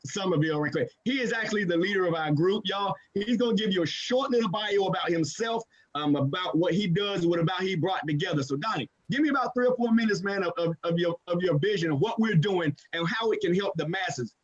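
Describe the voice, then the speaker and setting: A man hosting a live video call, energetic and repetitive, hyping up the people on the line with call-and-response. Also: high voice, a little fast, hardly any pauses, dull audio. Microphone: computer mic on a video call.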